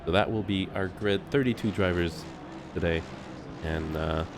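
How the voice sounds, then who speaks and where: A man calls a sim race live in a lowish, relaxed voice, laughing easily and stumbling over names. Faint noise sits under his mic. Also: normal speed. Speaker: sim racing commentator.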